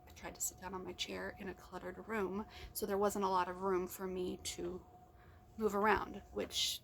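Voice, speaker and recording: A woman's voice: medium pitch, vocal fry, slight background noise. A middle-aged woman rambling in a casual personal vlog, talking to herself with restarts. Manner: rambling, self-talk with restarts. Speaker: vlogger. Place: car or at home.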